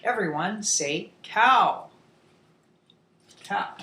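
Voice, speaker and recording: A woman teaching a beginners' English lesson to young children, slow and clear, with playful animal sounds. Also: mid-range voice, lively intonation, sharp tone. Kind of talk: demo lesson for young learners. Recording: echoey room.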